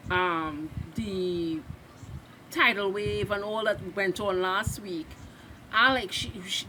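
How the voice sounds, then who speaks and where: A woman's voice: medium pitch, pushed and bright, slight background noise, poor audio. A woman from Trinidad with a Trinidadian accent, chatting loosely through a TV recap as a reaction video host and restarting her sentences. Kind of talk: casual recap and live reaction.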